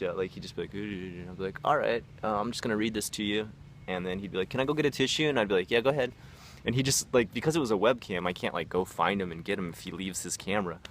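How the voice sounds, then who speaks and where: Low-voiced guy rambling through old teaching stories, lots of um and like, acts out what people said, faint traffic outside. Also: a bit bright. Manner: rambling, filler-heavy, acts out quoted voices. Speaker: vlogger, former English teacher. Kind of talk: casual storytelling vlog.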